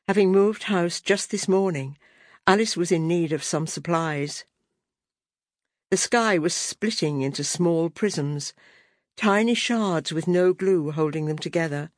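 A woman narrating an unabridged audiobook in a measured, deliberate reading voice. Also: fairly low pitch, no room sound, studio quality.

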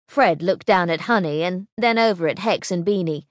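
A woman narrating a children's storybook audiobook in an expressive, storytelling manner. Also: fairly low pitch, normal speed, hardly any pauses, no echo, studio quality.

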